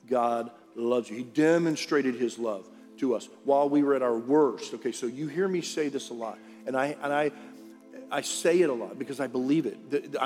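Pastor guy preaching casual to the room, echoey big church, soft music behind. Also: medium pitch. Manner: conversational preaching, asks the room questions. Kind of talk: sermon. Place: large church auditorium. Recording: reverberant hall with faint music.

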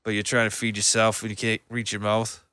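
A man's voice: on the low side, monotone, brisk, bright, forceful tone, smooth, no echo, studio quality. A man in casual chat, laid-back, chiming in with short reactions and swearing.

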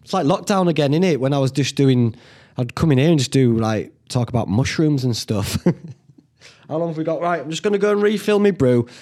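A man's voice: mid-range voice, lively intonation, a little fast, a little mellow. A young man, hosting a casual solo podcast from home, rambling and swearing freely. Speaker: podcast host. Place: indoors at home.

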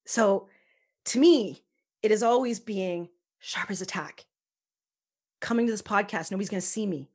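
A woman's voice: medium pitch, normal speed, long pauses, a little mellow, husky. Woman, podcast guest, earnest, emphatic, airy voice, near-whispers at times. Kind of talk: casual interview chat.

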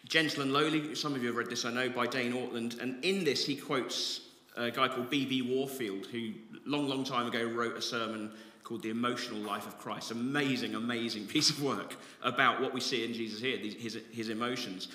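A man's voice: medium pitch, normal speed, sharp tone. A man preaching a sermon as pastor, earnest and reflective, rising to passionate emphasis. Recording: echoey hall with long reverb.

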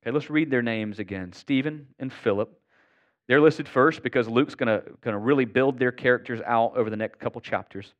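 A man's voice: medium pitch, brisk, muffled recording. A man preaching a sermon to his congregation in an earnest, conversational way. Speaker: pastor.

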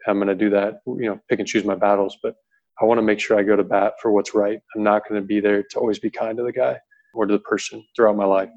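A man's voice: fairly low pitch, level tone, fast talker, darkish tone, muffled recording. A man in his thirties, a coach answering on a panel, talking earnestly and rambling with lots of fillers. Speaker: pitching coach.

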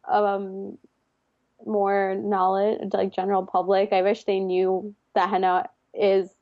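A woman's voice: medium pitch, monotone, takes it slowly, no echo. Young woman chatting about her henna gigs, laughs a lot, kinda muffled dry recording. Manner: laughs often, quotes people in little asides. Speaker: henna artist. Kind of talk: casual chat.

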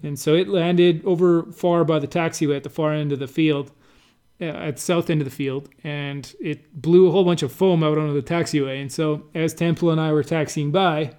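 A man casually recounting flights at an air race event, pausing and restarting often and laughing now and then. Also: on the high side, steady tone, darkish tone, smooth. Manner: halting, many restarts and fillers, laughs while telling. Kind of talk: casual conversational recollection.

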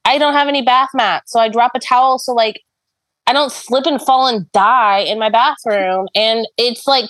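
A woman's voice: fairly high pitch, a bit bright, dry recording, rough recording. Exasperated woman podcaster venting, dry sound. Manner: exasperated venting, frank and blunt. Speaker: podcast co-host. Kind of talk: casual chat.

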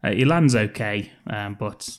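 A man's voice: on the low side, measured pace. A man co-hosting a podcast, recapping a film in casual chat, swearing and laughing often and putting on voices for the characters. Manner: sweary, giggly, acts out quotes in funny voices. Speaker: podcast co-host. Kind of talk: casual comedic movie recap.

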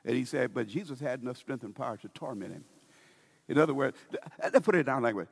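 A man preaching a sermon as pastor, in an emphatic, drawn-out style with frequent restarts and repeated words. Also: medium pitch, lively intonation, creaky, breathy edge. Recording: long reverb of a large hall.

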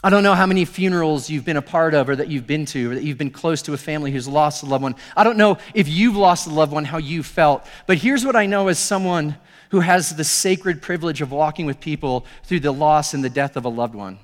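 A male pastor giving a sermon, telling the story with animated acted-out dialogue. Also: fairly high pitch, fairly quick, long reverb tail.

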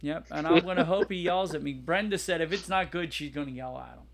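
Excitable podcast co-host, slightly high-pitched man, rambling and loose. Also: a little fast, vocal fry, a crowd in the background. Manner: excitable, laughs loudly, rambling. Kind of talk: casual chat.

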